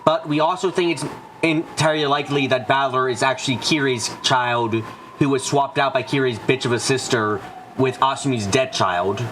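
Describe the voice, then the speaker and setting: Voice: mid-range voice, steady tone, normal speed, a bit bright, a little hiss or hum. A let's play streamer gives casual, rambling commentary over a visual novel, swearing often. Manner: gushing, rambling, heavy swearing. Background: game music.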